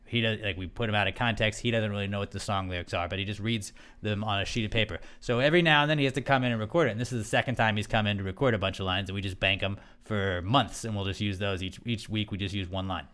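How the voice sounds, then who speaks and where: Bright, chatty podcast host man. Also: lowish voice, fast talker, clean tone. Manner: rambling, laughing storyteller full of restarts. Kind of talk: casual chat.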